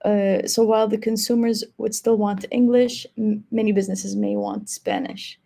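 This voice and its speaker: A woman moderates a live webinar over a video call and passes along audience questions. Her voice has a gravelly edge and a mellow, relaxed tone. She talks casually, with many likes and you-knows. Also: medium pitch, normal speed. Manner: casual, filler-heavy, says 'like' and 'you know'.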